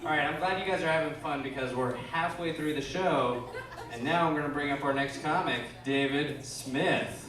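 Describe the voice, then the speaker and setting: A man's voice: on the high side, normal speed, very noisy. A man hosting a comedy show with dry, joking emcee banter between acts. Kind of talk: stand-up and emceeing. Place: comedy club. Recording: echoey club from far off, loud crowd.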